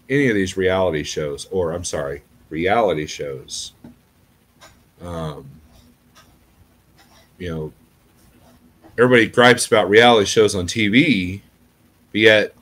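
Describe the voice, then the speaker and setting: A middle-aged man, a trucker, talking in a rambling casual vlog and often checking in with "okay?". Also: deep voice. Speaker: trucker YouTuber.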